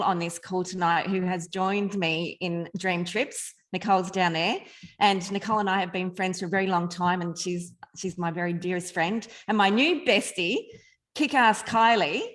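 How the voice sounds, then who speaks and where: A woman speaking on a team video call in a heartfelt, slightly halting way. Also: medium pitch, fairly bright tone. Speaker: team member making an announcement. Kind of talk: casual video call speech.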